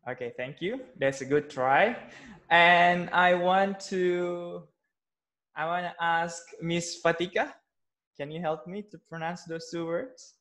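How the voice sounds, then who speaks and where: Slow, hesitant man. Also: fairly high pitch, a bit bright. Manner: hesitant, frequent fillers and restarts, patient. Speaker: English teacher. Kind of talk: online class teaching pronunciation.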